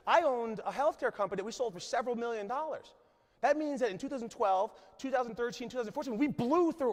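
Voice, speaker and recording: A man in his forties delivers an emphatic motivational keynote on a conference stage, his voice pitched notably high. He keeps checking in with the crowd as he talks. The sound carries a long reverb from the large hall. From New Jersey, USA. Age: 40s. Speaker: conference speaker.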